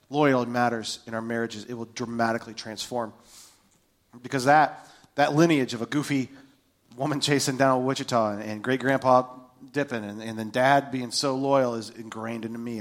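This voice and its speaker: A middle-aged man, a pastor, preaching a sermon and telling a family story, swinging between hushed and loud. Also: medium pitch, steady tone, moderate pace.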